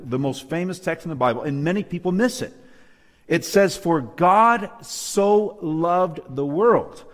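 Male preacher, slightly raised pitch, emphatic sermon style, lingering hall reverb. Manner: emphatic, rhetorical questions, calls for amen. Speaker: preacher co-leading a Bible lesson. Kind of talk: sermon-style Bible study. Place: church hall with live and online audience.

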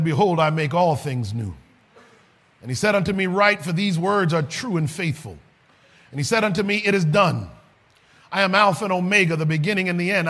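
A man preaching a sermon, rising to shouts and then dropping low and soft.

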